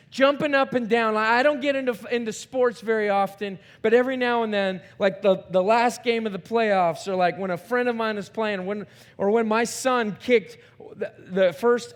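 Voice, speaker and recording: A middle-aged man preaching a sermon in a church, his voice swinging from quiet to shouting, often repeating words as he thinks. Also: high voice. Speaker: pastor. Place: church sanctuary.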